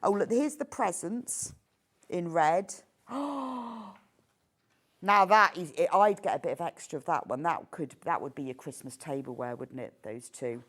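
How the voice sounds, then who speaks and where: A woman presenting products on a live TV shopping show, gushing and enthusiastic as she shows them off, and quick to laugh. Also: low-pitched, a bit bright.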